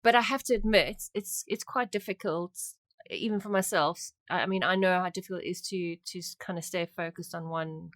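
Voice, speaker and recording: A woman at a mid pitch talks earnestly on a podcast, laughing easily along with the others. Her voice is recorded close and dry. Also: fairly quick, a bit bright, no echo. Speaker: podcast co-host. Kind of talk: casual chat.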